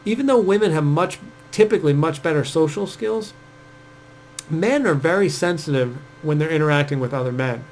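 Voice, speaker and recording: A man's voice: a little high, lively intonation, moderate pace, a little mellow, slight background noise, rough recording. A man giving casual dating advice, chatty and full of fillers, acting out quoted speech as he goes. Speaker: dating coach.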